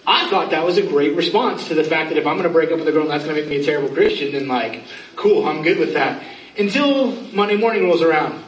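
A man's voice: on the high side, quick pace, highs cut off, a little hiss or hum. A pastor in his thirties giving an earnest, pleading sermon, with self-mocking asides. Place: church sanctuary. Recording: echoey room, from far off.

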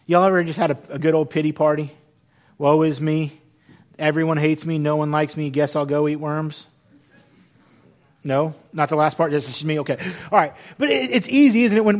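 A man in his thirties preaching a sermon in an animated, conversational way, with self-deprecating humor. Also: sits high. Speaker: pastor.

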